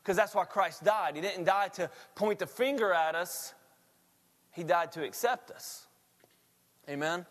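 A male pastor preaching a sermon, telling stories in an animated, laughing way. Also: high voice, measured pace, long pauses, long reverb tail.

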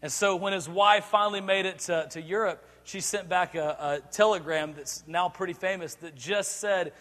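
Male pastor, high bright voice, lively sermon delivery with acted-out bits, echoing church hall. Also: moderate pace. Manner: animated, acts out scenes, laughs often. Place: church sanctuary.

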